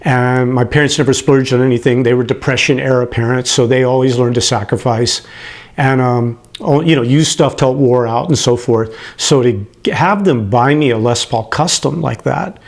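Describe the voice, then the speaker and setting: A man in his late fifties telling a personal story, animated and prone to chuckling, who gets emotional as he talks. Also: medium pitch, moderate pace, vocal fry. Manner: animated, acts out the people he quotes, chuckles as he talks.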